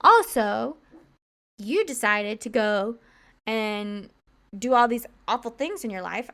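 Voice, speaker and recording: A woman's voice: a little high, expressive, bright, forceful tone. Chatty woman rambling through a story. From Irish heritage, American. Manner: rambling, chatty, quick asides and self-corrections. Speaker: podcast co-host. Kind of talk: casual chat, storytelling.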